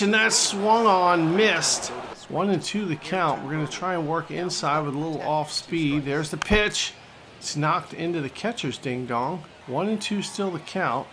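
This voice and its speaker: A man with a slightly raised voice calls the action of a baseball video game like a sportscaster, jokey and excitable. A steady hiss of background noise sits under his voice, as in a home gaming setup. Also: fairly high pitch. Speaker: gaming channel host. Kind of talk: play-by-play commentary over a baseball video game.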